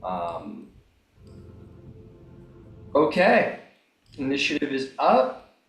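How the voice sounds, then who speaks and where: Male game master on a home mic: animated delivery, a bit scattered, recorded in a roomy space. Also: medium pitch, drawn-out words, creaky. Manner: scattered, apologetic, thinking aloud. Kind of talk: running a tabletop game. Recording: roomy mic with faint noise.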